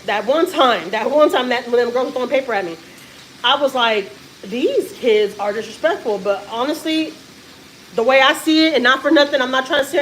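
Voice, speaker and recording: A woman's voice: high-pitched, fairly bright tone, slight background noise, poor audio. A woman, chatting casually to her viewers on a family livestream, emphatic and repeating herself. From Texas, US. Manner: emphatic, repetitive, restarts often. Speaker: family vlogger.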